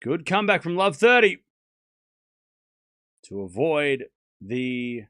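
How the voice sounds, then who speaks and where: A man's voice: fairly high pitch, very animated, takes it slowly, pushed and bright, no echo, clean studio sound. A man hosting a live tennis watchalong stream, giving casual commentary and chatting to his viewers, sliding into rants with swearing and sarcasm.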